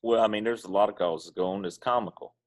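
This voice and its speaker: A man's voice: lowish voice, fairly quick. A middle-aged man with an Eastern North Carolina accent, telling stories in a laid-back, drawling way as an interview guest. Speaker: guest, pitmaster. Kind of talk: casual interview chat.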